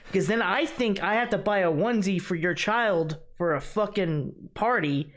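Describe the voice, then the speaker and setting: A man's voice: high voice, normal speed, a bit bright. A man co-hosting a podcast, telling profane, ranting anecdotes in casual chat. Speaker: podcast co-host.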